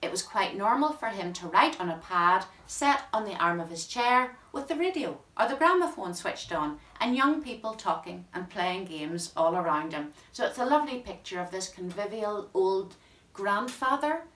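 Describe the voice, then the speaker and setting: Woman reading poetry in a roomy space. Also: medium pitch. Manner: measured, expressive reading with careful diction. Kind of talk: talk with poetry recitation. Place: at home. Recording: roomy and distant from the mic.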